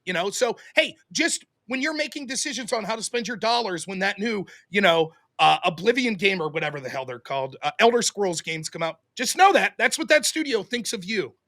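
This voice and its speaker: A man co-hosting a casual political commentary show, heated and animated. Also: high-pitched, fairly quick, few pauses. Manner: animated and heated, acting out quoted voices. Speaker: co-host.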